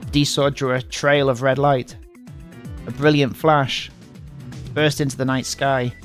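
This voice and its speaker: A man in a dramatic read-along. He has a mid-range voice and reads the story lines with mock intensity. Between lines he drops into quiet, joking asides. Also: mid-range voice, little pitch movement, a little slow, faint music behind. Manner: reads in dramatic voices, breaks off for muttered jokes. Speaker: streamer reading a visual novel aloud.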